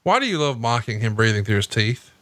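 A man's voice: big pitch swings, fast talker, a bit bright. A man hosting a podcast, teasing his co-host crudely and recapping old matches. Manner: teasing, crude, jumps in pitch when joking. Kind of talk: casual podcast banter and recap.

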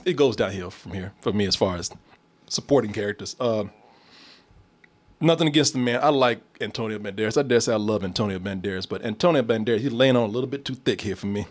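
A man chatting casually and profanely about a movie, telling jokes and laughing as he talks. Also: medium pitch. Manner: animated, profane, laughing storyteller. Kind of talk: casual movie review chat.

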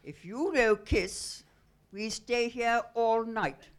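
A woman voicing a stubborn Greek fisherman, speaking slow, broken English with insistence. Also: on the high side, pitched above the performer's own voice. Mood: insistent. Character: pushy middle-aged Greek fisherman, stubborn.

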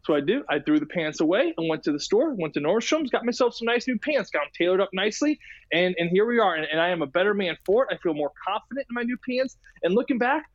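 Fast-talking animated male podcast co-host. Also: high voice, lo-fi sound. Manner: animated storyteller, acts out quotes. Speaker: podcast co-host, former hockey player. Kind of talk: casual chat.

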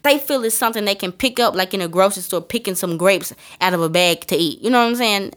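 A young woman co-hosting a podcast in casual chat, emphatic and animated, her voice climbing into exclamations. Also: medium pitch, fast talker. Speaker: podcast co-host.

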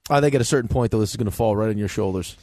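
A man co-hosting a casual chat, teasing his friend with quick banter. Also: fairly low pitch, a little mellow, dry recording, clean studio sound. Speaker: co-host.

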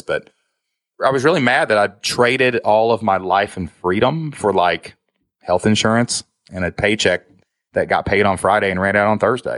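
A man with a low, grounded voice tells his story as a podcast guest. He talks with candid, emotional earnestness and drops a "man" into his sentences often. The sound is close and dry, with no room around it. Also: fairly bright tone, no echo. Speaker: guest, online business founder.

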